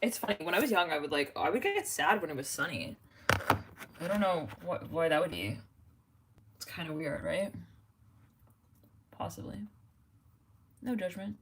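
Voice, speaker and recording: A woman's voice: lowish voice, very animated, moderate pace, long pauses, a bit bright, slight background noise. A young woman hosting a casual livestream, rambling, laughing often and singing bits of songs. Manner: giggly, rambling, sings snatches of songs. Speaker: livestream host.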